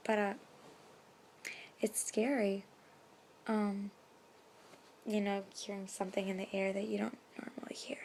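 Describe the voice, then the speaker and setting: A woman's voice: medium pitch, little pitch movement, normal speed, vocal fry. Young woman rambling into her phone at night, lots of likes and um, half whispering, bit of hiss. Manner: chatty, many fillers, drops to whispers. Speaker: vlogger. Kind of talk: casual storytelling vlog. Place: bedroom at night, window open. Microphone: phone camera.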